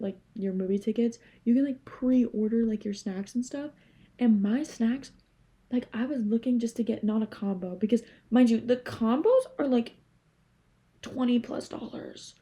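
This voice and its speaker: A young woman from Canada rambling casually to camera, animated and swearing freely. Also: fairly high pitch. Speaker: vlogger.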